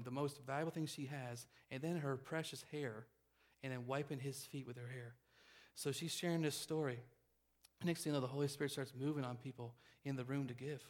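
A man preaches to his congregation, racing through an anecdote at a brisk clip. His voice sits in a middle register, and he restarts phrases as he rushes ahead. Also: medium pitch. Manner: fast, animated storytelling with restarts. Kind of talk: sermon storytelling.

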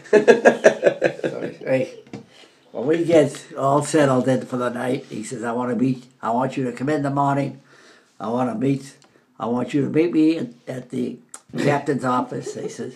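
Speaking unhurriedly in a mid-range voice, an older man from around Boston shares army memories in a lively, casual storytelling style. He laughs frequently and bellows the quoted lines of his war stories.

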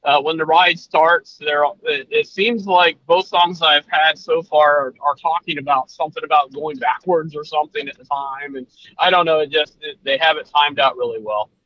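A man's voice: fairly high pitch, moderate pace, highs cut off. A man co-hosting a podcast, chatting in an easygoing, rambling way. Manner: rambling, lots of fillers and restarts, easygoing. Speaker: podcast co-host. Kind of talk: casual chat.

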